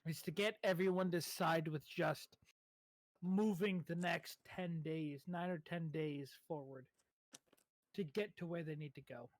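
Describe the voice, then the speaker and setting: Measured tabletop player, dry close sound. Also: medium pitch, steady tone, no room sound, rough recording. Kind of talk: casual tabletop role-play.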